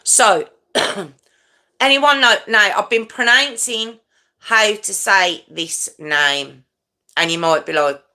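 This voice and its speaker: A woman's voice: medium pitch, slow pace, bright, forceful tone. A middle-aged woman hosting a true crime livestream, chatting casually and stumbling over her words as she corrects herself. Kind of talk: rambling casual live chat.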